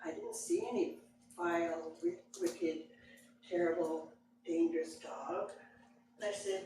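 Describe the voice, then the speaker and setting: A woman's voice: on the low side, a little slow, long pauses, noisy background. A woman telling a story to a live audience, acting out the scene with voices. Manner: expressive, acts out the scene with voices. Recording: very echoey room, far mic, audible ambience. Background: room ambience and audience laughter.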